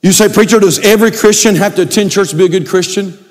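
A male pastor preaching a sermon, building to shouted emphasis. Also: high voice, fast talker. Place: church sanctuary. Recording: long hall reverb.

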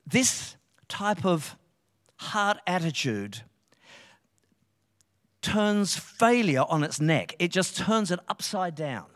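High-voiced Australian man preaching in a reverberant hall. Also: slow, long pauses. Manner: animated, conversational preaching with frequent emphatic restarts. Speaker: pastor. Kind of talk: sermon. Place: church hall, live service.

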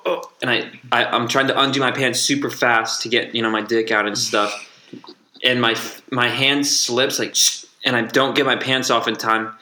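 A man's voice: medium pitch, sharp tone, echoey room. A young man hosting a casual podcast, telling a profane, rambling story full of restarts. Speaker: podcast host.

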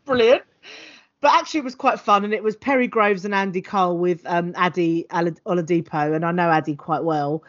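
A woman's voice: fairly low pitch, quick pace, few pauses. Chatty woman on a dull call. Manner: chatty, animated storytelling. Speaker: podcast co-host. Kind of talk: casual chat. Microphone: home mic on a video call.

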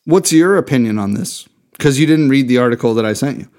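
A man's voice: mid-range voice, lively intonation, fast, a little mellow. A man co-hosting a beer podcast, talking in a heated, emphatic way with plenty of swearing. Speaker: podcast co-host. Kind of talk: casual podcast rant.

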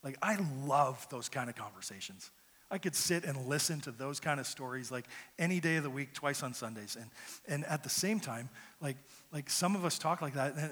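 Long hall reverb fills this recording of a man preaching as pastor in a church sanctuary. He talks at a normal speed in a mid-range, fairly bright voice, earnest and conversational, frequently repeating words at the start of a phrase.

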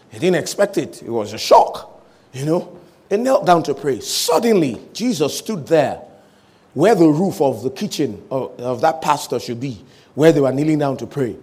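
A man preaches a sermon in an animated storytelling manner, his slightly high voice swinging widely in pitch. He acts out the quoted speech and at times rises to shouts. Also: slightly rough.

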